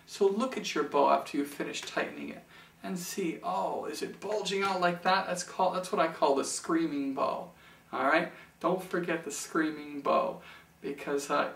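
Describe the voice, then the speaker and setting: A man's voice: on the high side, fairly bright tone, a little hiss or hum. A man teaching a beginner violin lesson on video, patient and repeating key phrases for beginners. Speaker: music teacher. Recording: echoey room from far off.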